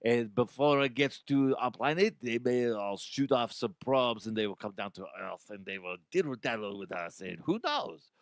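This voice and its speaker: A man's voice: medium pitch, lively intonation, normal speed, few pauses, no echo, lightly acted. A man doing a mocking impression of an overexcited male scientist, in an exaggerated, hammy voice. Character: overexcited male scientist warning about aliens.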